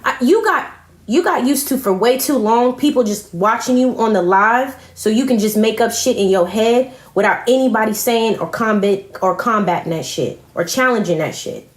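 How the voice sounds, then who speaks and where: A woman's voice: fairly high pitch, lively intonation, normal speed. Confrontational woman ranting, echoey room. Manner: confrontational, profane, repetitive. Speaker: live-stream commentator. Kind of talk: heated live-stream rant.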